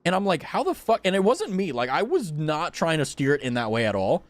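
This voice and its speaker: A young man chats loosely with his live-stream viewers, blunt and animated, swearing as he goes. His voice sits a little high and swings up and down a lot. It stays casual and conversational throughout. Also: fairly quick, no room sound. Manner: animated, swearing, talks to chat. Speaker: game streamer.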